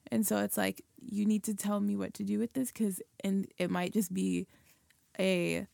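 Gravelly-voiced woman chatting on a podcast. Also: mid-range voice, flat delivery, moderate pace, mellow, dry recording, studio quality. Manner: chatty, fillers of "like" and "you know". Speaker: podcast co-host. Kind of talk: casual chat.

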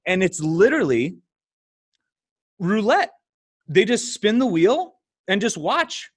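Middle-aged guy on a podcast, bit high voice, super animated, laughs a lot. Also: takes it slowly, no room sound, studio quality. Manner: animated storytelling, laughs often. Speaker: podcast guest. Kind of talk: casual conversation.

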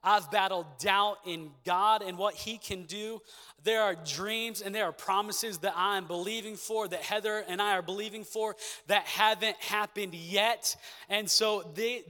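A young pastor preaches a sermon in a church, his high, pushed, bright voice calling out for congregational responses. He works in call-and-response style, leaning on repeated catchphrases, and the recording carries the long echo of a big hall.

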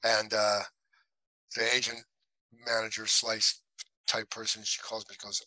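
Bright-voiced man telling animated anecdotes. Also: lowish voice, unhurried, pauses often, no room sound, rough recording. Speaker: actor guest. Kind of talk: casual storytelling interview.

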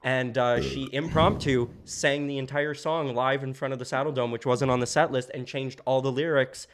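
A young man, a podcast guest, telling stories in a casual, animated way and laughing often. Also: mid-range voice, normal speed, a little hiss or hum. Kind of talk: casual storytelling.

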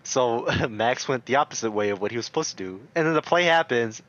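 A young man in a loose, casual chat, telling stories and breaking into laughter along the way. His voice sits at an ordinary middle pitch. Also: animated, a little fast, a bit bright, highs cut off.

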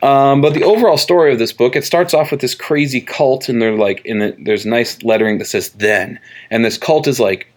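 A man co-hosting a podcast, casually retelling a comic story in a rambling way and dropping into quick voices for the characters. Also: medium pitch. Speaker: podcast co-host. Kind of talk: casual chat recapping a comic book. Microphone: tabletop mic across from co-host.

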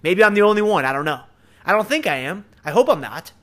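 A man's voice: high voice, fast talker. A man with a Southern US drawl hosting a podcast, talking earnestly and casually about faith straight to his listeners. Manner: earnest, animated, addresses listeners directly. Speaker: podcast host.

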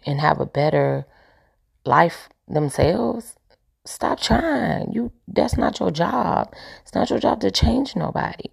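Gravelly low-voiced woman telling her story. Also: darkish tone. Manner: emphatic, repeats points, preachy asides. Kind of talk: candid storytelling.

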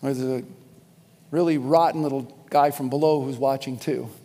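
A man's voice: medium pitch, fairly even intonation, normal speed, dark tone. A man preaching a sermon in a church, speaking emphatically, repeating key lines and addressing the congregation directly. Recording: long reverb of a large hall.

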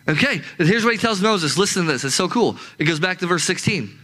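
Bright, high-voiced preaching man. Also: animated, fast, poor audio. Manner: emphatic, repetitive preaching. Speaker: pastor. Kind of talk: sermon. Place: church with a live congregation.

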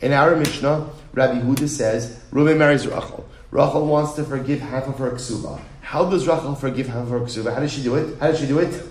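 Man giving an animated Talmud class. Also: medium pitch, brisk, hardly any pauses. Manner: animated, asks and answers his own questions. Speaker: Talmud teacher. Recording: echoey room.

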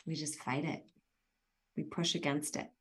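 A woman's voice: sits low, fairly even intonation, a little slow. A woman hosting a podcast, telling personal stories in an earnest, reflective way. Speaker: podcast host. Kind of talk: casual podcast conversation.

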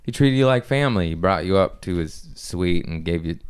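A man hosting a casual podcast, telling loose, profane stories and acting out quotes with a lively voice. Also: low voice, fairly quick, clear, resonant tone. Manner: loose storytelling, swearing, lively impressions in quotes. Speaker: comedian podcast host. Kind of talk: casual chat.

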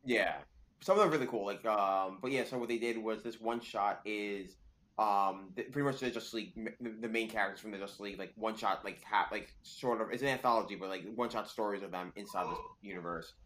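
A man's voice: lowish voice, brisk, a bit bright. A man co-hosting a casual podcast, talking at length about comic books with lots of fillers and restarts. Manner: rambling, many fillers and restarts. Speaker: podcast co-host. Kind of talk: casual comic book chat.

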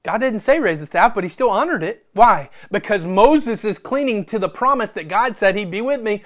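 Preacher swinging from loud to hushed. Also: medium pitch, animated, moderate pace, hardly any pauses. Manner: swings between loud emphatic bursts and hushed near-whispers; repeats phrases for emphasis. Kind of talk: sermon.

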